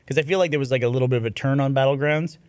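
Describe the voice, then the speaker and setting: A man's voice: medium pitch, very fast, smooth, dry recording. A man co-hosting a podcast in casual chat, joking and telling stories. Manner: animated, joking storyteller. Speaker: podcast co-host.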